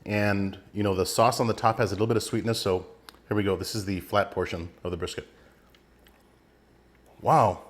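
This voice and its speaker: A middle-aged man hosting a casual barbecue cooking video, chatting relaxed while he handles and tastes the food. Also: fairly low pitch, normal speed, pauses often. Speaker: barbecue channel host.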